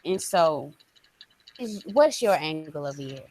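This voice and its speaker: A woman's voice: low-pitched, unhurried, dry recording, low-quality recording. A woman co-hosting a casual wrestling podcast, ranting bluntly and swearing freely. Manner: blunt, profane, animated ranting. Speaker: podcast co-host.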